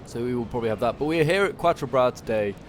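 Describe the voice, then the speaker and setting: A man's voice: mid-range voice, expressive, fast talker, slight background noise. Rambling male gameplay commentator. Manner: rambling, thinks aloud with many fillers. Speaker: game commentator. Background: background music.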